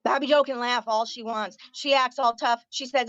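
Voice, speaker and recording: A woman's voice: high-pitched, steady tone, moderate pace, few pauses, a bit bright, no room sound, dull audio. A woman ranting angrily and profanely on her livestream, confronting her viewers head-on. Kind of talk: angry livestream rant.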